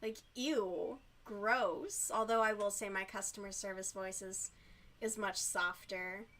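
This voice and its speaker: A woman streamer chatting casually while she crochets, giggly, youthful-sounding and quick to swear. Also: medium pitch, level tone, pushed and bright.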